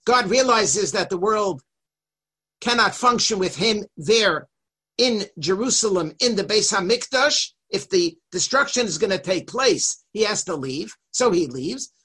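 A man teaching a Torah lesson who reads Hebrew passages quickly and translates them line by line. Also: high voice, lively intonation, bright, forceful tone, breathy edge. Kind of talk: lecture on a religious text.

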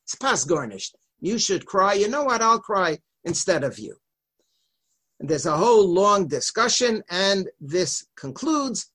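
A man teaching a Torah lesson who reads Hebrew passages quickly and translates them line by line. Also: high voice, very animated, a bit bright, husky. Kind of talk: lecture on a religious text.

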